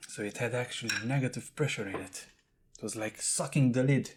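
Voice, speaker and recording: A man's voice: mid-range voice, a little fast, noisy background. A man talking casually to camera in a food tasting vlog, explaining and eating as he goes. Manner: chatty, talks while eating and handling jars. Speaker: food vlogger.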